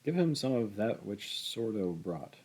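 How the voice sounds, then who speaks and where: Blunt scolding woman read by a man, low husky voice, storybook. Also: big pitch swings, a little slow, heavily acted. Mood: scornful. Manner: louder, sharp scolding. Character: scornful blunt middle-aged woman.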